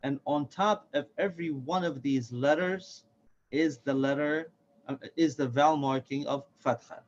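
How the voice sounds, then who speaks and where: Male instructor, slightly high pitch, patient and methodical, muffled lo-fi sound. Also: a little hiss or hum. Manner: patient, repeats each sound slowly for learners. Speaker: Quran reading teacher. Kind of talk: step-by-step recorded lesson. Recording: dull lo-fi recording.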